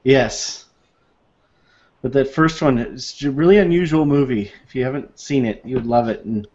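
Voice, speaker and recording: A man in a relaxed podcast chat, spinning anecdotes and breaking into laughter. His voice sits at an ordinary middle pitch. The recording sounds dull and lo-fi. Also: moderate pace. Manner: storytelling, laughs often, acts out quoted voices. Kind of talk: casual chat.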